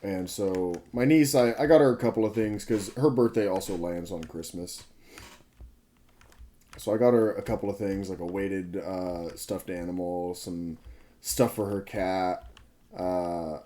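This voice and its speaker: A sleep-deprived man in his twenties talks over his gaming session with a lowish, mellow voice. He rambles, restarts his sentences and swears freely, and faint keyboard clicking sits behind him. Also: measured pace, a little hiss or hum. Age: 20s. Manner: rambling, self-correcting, frank with swearing. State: sleep-deprived, up all night. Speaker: gaming video creator. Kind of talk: casual gameplay commentary.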